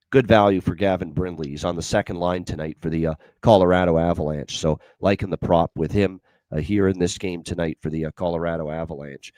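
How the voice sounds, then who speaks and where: Man, very low voice, betting show host, dry sound, lots of uh fillers. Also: a little mellow, no echo. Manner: frequent fillers, repeats key stats. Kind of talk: sports betting analysis.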